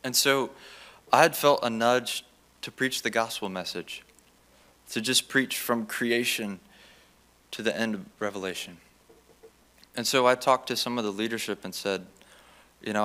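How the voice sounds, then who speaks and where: A young man giving a chapel testimony as a student, telling his story in an animated way and acting out the lines of the people in it. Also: lowish voice. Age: young adult. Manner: animated, acts out quoted dialogue.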